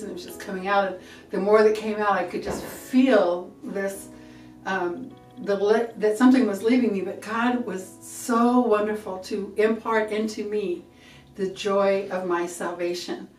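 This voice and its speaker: A middle-aged woman giving an earnest, halting church testimony, often repeating herself. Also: mid-range voice, steady tone, darkish tone. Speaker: testifying believer. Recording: echoey room from a distance, faint music.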